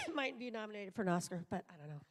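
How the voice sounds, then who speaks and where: A middle-aged woman from the United States talks on a live convention stage. She is a voice actor, and she rambles in a chatty, self-deprecating way, with plenty of asides. Her voice sits at an ordinary woman's pitch. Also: sing-song, fast talker, fairly bright tone. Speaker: voice actor, panel guest. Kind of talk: live convention panel chat. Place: convention auditorium.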